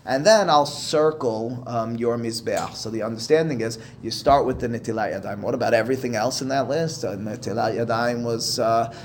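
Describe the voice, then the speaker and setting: A man's voice: medium pitch, normal speed, few pauses, slight background noise. A man, a rabbi, teaching a Talmud lesson, reading Aramaic and Hebrew phrases and then explaining them step by step.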